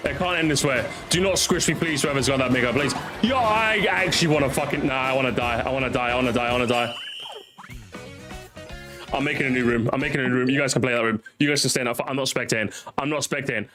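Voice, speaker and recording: With game music in the background, a young streamer with a mid-range voice talks casually to viewers while racing, excitable and cursing, repeating phrases in bursts.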